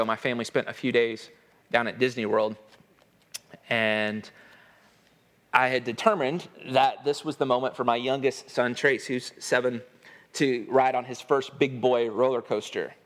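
A man in his thirties giving an earnest sermon-style talk on parenting, telling a family story and acting out the dialogue. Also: medium pitch.

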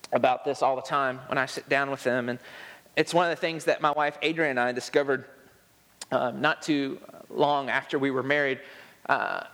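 A man preaching a sermon in a church, his voice sitting a little higher than most men's. He keeps a relaxed, conversational tone with gentle humor and acts out the lines he quotes. The sound carries a long reverb from the sanctuary. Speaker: pastor.

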